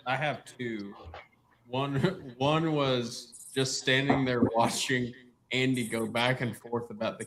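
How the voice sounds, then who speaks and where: A man's voice: mid-range voice, noisy background. Self-mocking man telling a climb story. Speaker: climb team member. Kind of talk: casual storytelling.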